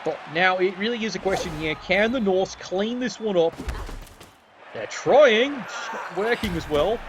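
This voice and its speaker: A high-pitched man calls a game match with a dry, mocking edge, swearing casually and talking straight to the players. His voice sits well above the usual male range. A clear wash of background noise hums under the whole recording. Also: expressive, a little slow, fairly bright tone. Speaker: commentator. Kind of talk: game commentary.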